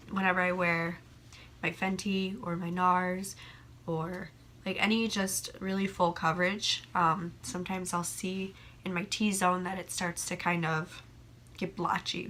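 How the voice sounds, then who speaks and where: A young woman with a hoarse voice from a cold, chatting casually and rambling as a beauty vlogger by a window. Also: fairly low pitch, sharp tone, a little hiss or hum. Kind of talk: casual chat. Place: room by a window.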